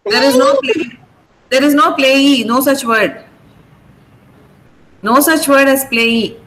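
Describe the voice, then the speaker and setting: A woman's voice: high-pitched, sing-song, takes it slowly, a bit bright, a little hiss or hum, poor audio. A woman with an Indian English accent teaching an online vocabulary class, patiently drilling word stress. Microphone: video call.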